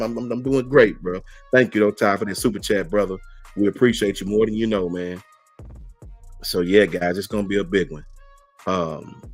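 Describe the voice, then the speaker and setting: Casting: middle-aged man, lowish voice, relaxed slangy stream host, faint music behind. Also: slightly rough. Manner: laid-back, slangy, reads out and answers chat messages. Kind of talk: casual live-stream chat.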